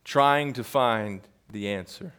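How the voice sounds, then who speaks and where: A middle-aged man preaching from the pulpit in a mid-pitched voice. He reads the testimony aloud at a measured pace and often rises into loud, emphatic peaks. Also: clear, resonant tone. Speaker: pastor. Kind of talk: sermon reading a quoted testimony.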